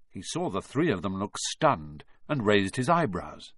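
A man narrating a storybook in an expressive, lively reading. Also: on the low side, a little slow, no room sound, studio quality. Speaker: audiobook narrator.

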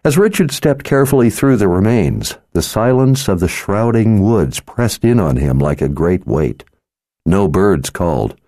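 A man narrating an audiobook in a measured, dramatic reading voice. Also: sits low, warm tone, no room sound. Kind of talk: scripted narration.

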